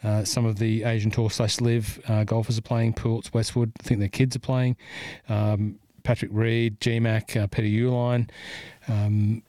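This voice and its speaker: A man's voice: on the low side, flat delivery, measured pace, mellow, no room sound, clean studio sound. A man hosting a golf podcast in casual, rambling chat full of fillers. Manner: rambling, lots of fillers and "you know". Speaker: podcast host.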